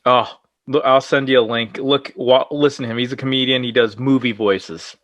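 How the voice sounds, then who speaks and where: A man's voice: mid-range voice, steady tone, moderate pace, a bit bright, no room sound. A man co-hosting an aviation podcast, a pilot, chatting casually and joking along with the host. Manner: laughing, teasing banter. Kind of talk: casual chat.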